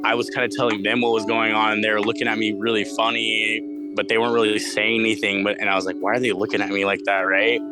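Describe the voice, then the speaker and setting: A man's voice: lowish voice, little pitch movement, quick pace, few pauses, over music. A man in his twenties telling a personal spooky story in a rambling, casual way, full of fillers and swearing. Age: 20s. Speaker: guest storyteller. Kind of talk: casual spoken ghost story. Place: studio.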